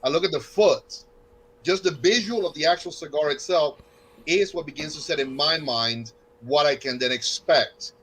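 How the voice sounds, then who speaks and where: A man with a North Carolina Southern accent chats casually about cigars. His voice is bright and forceful and sits a little high, and he slips into other voices when he quotes people. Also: moderate pace, husky, rough recording. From North Carolina, USA. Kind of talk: casual podcast chat.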